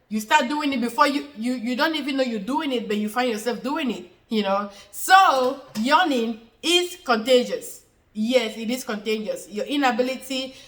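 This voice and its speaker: A health educator answers her viewers' questions in a loose, informal talk to camera, repeating each point several times and using plenty of fillers. Her voice is fairly high and fairly bright, and the recording is rough.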